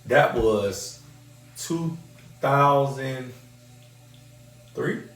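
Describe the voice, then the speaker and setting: Male podcast host, an animated storyteller, recorded off-mic in an echoey room. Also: medium pitch, extremely slow, soft background music. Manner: animated storyteller, acts out quoted voices. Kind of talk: casual storytelling. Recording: roomy echo, mic at a distance.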